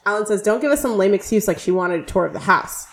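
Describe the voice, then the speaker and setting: A young woman co-hosting a podcast, retelling a sitcom episode scene by scene in a casual, animated way. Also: medium pitch. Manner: animated retelling, quick quoted dialogue. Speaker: podcast co-host. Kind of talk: casual recap chat.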